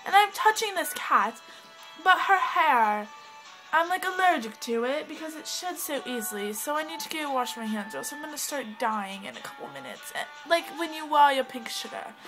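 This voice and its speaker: A woman's voice: high-pitched, sing-song, moderate pace, music in the background, low-quality recording. A woman rambling to her camera at home in a put-on English accent, bubbly and scattered, giggling and cutting herself off. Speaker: vlogger. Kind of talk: rambling casual vlog talk. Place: at home indoors, with a cat.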